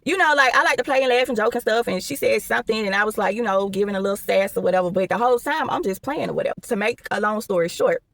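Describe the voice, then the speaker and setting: A woman's voice: medium pitch, fast talker, hardly any pauses, a bit bright, no echo. A young woman tells a casual storytime, rambling along and tossing in "or whatever" asides.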